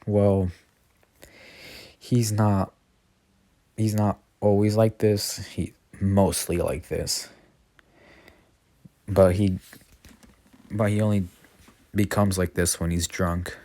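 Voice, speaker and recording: A man's voice: low voice, level tone, slow, long pauses, mellow, no echo. A man voicing a young female warrior who sounds weary of her drunk teammate.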